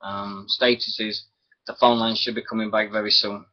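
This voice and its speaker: A British man with a sore throat hosts a wrestling show alone on internet radio, rambling, chuckling and losing his thread. His fairly low voice has a flat delivery at normal speed, and the stream audio is dull and lo-fi.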